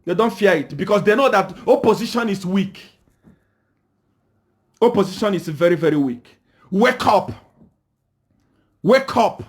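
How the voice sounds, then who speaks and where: A Zambian man ranting on a livestream, who scolds his listeners, fires off rhetorical questions and keeps saying "Eh?", and sometimes shouts. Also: sits high, expressive, moderate pace, pauses often. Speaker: political commentator. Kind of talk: livestream rant.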